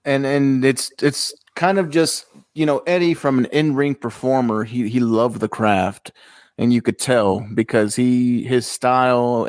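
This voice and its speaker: A man co-hosting a podcast, casually telling a story and getting animated when he quotes people. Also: mid-range voice, no room sound. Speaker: podcast co-host.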